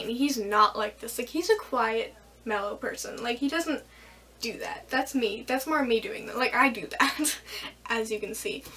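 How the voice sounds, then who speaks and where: High-voiced young woman telling a story. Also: measured pace, far from the mic. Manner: rambling, animated retelling with quoted dialogue. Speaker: vlogger. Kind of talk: casual storytelling. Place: bedroom.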